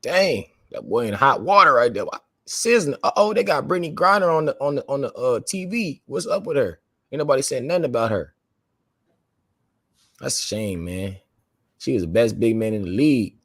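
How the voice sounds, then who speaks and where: A man co-hosting a casual podcast chat, animated and quick to break into high yelps. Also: dry recording, clean studio sound. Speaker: podcast co-host.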